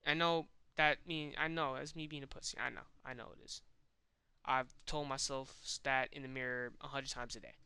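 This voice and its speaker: A man's voice: mid-range voice, flat delivery, moderate pace, bright, forceful tone, clear, resonant tone, dry recording. A young man talking casually and candidly to camera, in a slangy, self-reflective way. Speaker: vlogger. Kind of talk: casual personal monologue.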